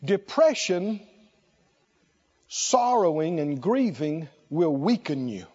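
A man's voice: on the high side, big pitch swings, slow pace, darkish tone, husky, muffled recording. A man preaching a sermon, emphatic and exclaiming, repeating short phrases for effect.

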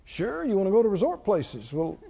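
A man's voice: sits high, huge pitch swings, brisk, creaky, warm tone, slightly rough, muffled recording. A male pastor preaching a sermon, telling his story with animation and leading the congregation in call-and-response prayer.

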